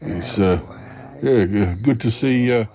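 A man's voice: on the low side, slow pace, warm tone, husky. A man hosting an improvised comedy podcast, hesitant and polite, often stammering. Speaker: podcast host. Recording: dull lo-fi recording.

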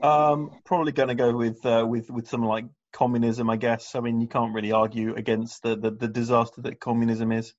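A middle-pitched man's voice that halts and repeats itself as he searches for words. The sound is muffled and lo-fi. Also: flat delivery, a little fast, few pauses. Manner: hesitant, stumbling repeats. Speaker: podcast panelist.

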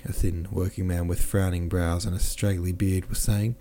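A man reading a classic novel aloud as a podcast narrator, measured and careful, now and then correcting himself. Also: deep voice, level tone, dark tone. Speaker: audiobook narrator.

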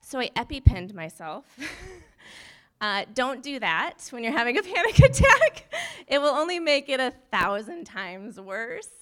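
A woman's voice: high-pitched, sing-song, unhurried, a bit bright. A young woman, a nurse, sharing a personal testimony in a rambling, nervous, self-deprecating way, laughing often between sentences.

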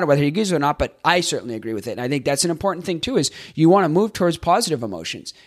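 A man hosting a podcast, recapping on his own in a chatty way, thinking out loud and tossing in rhetorical questions. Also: a little high. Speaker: podcast host.

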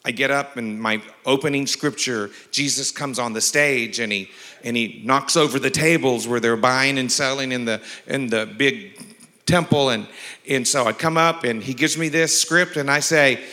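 A man's voice: medium pitch, normal speed, pushed and bright. A man preaching a sermon as pastor, mixing humorous stories with emphatic scripture reading. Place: large church sanctuary. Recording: long reverb of a large church hall.

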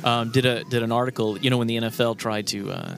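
A man's voice: medium pitch, fairly even intonation, fast, creaky, faint music behind. Rambling man, guest, full of ums. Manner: rambling, hesitant, heavy on "uh" and "um". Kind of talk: casual chat.

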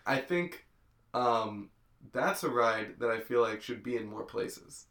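A man's voice: medium pitch, lively intonation, slow, fairly bright tone. A man co-hosting a casual movie podcast, laid-back and blunt in his comments. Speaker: podcast co-host. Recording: echoey room.

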